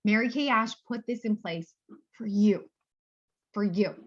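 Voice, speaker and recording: A woman's voice: mid-range voice, a little slow, highs cut off. A woman giving a bubbly, gushing motivational pep talk, repeating phrases for emphasis.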